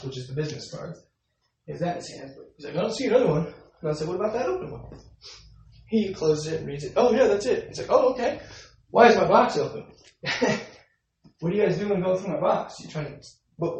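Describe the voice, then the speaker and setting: Gravelly man telling a story in an echoey room. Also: on the high side. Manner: animated retelling, acts out both sides with laughs. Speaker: vlogger. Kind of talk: casual storytelling. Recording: very echoey room, mic far off.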